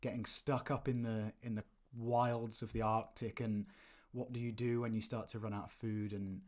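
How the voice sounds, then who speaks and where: A man's voice: lowish voice, level tone, moderate pace, a little mellow. Hesitant man from the Midlands chatting films. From English Midlands. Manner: rambling, hesitant, many fillers and restarts. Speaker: podcast co-host. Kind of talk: casual film-review chat.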